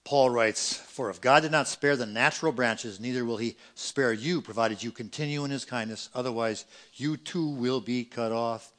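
A middle-aged pastor preaching a sermon, swinging between loud emphatic peaks and quiet, quick asides. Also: male voice, mid-range voice.

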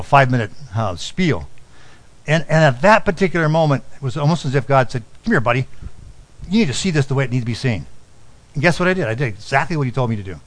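Soft-spoken male pastor telling a story. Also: low-quality recording. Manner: storytelling, drops to a soft low voice on key lines. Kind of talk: sermon.

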